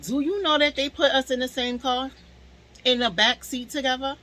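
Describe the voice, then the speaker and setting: A young woman telling a storytime to her viewers in a casual, animated way, swearing freely. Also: sits high, moderate pace, poor audio.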